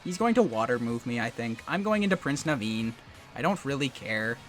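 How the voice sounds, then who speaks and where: Animated young man taunting his opponent. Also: medium pitch, brisk, faint music behind. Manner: musing strategy talk under his breath. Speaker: competitive game streamer. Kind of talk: live game commentary.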